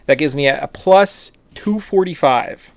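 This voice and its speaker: A Canadian man co-hosting a casual hockey podcast, his voice sitting a little high for a man. He talks loosely and jokes around, laughing easily, and the sound is dry and close with no room around it. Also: lively intonation, measured pace, creaky, no room sound. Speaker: podcast co-host. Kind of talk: casual chat.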